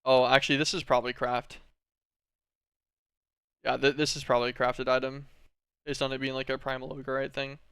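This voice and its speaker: A man talking through a game stream, thinking aloud as he plays. His commentary is relaxed and rambling, full of little "um"s and "like"s. His voice comes across smooth, with a dry, close sound. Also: mid-range voice, fairly quick, pauses often, no room sound.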